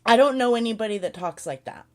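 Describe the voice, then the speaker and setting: A woman's voice: fairly high pitch, lively intonation, fast. A woman hosting a casual live chat, ranting sarcastically, swearing often and laughing a lot. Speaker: livestream host.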